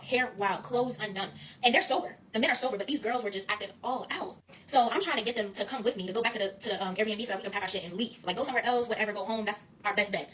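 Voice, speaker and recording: A young woman in her twenties tells a story in a casual, animated way. She talks very fast and stresses her points, often turning straight to her listeners as she goes. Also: medium pitch, slight background noise, poor audio. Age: 20s. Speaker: guest storyteller.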